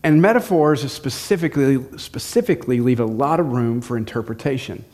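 A man's voice: mid-range voice, animated, brisk, a little mellow. A middle-aged man preaching a sermon in a church, conversational and jokey with self-deprecating humor. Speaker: pastor. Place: church sanctuary.

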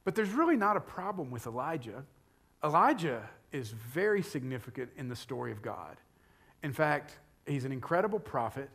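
A middle-aged man preaching a sermon, building loudly on key points and dropping to a whisper for emphasis. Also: mid-range voice, very animated, moderate pace. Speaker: pastor.

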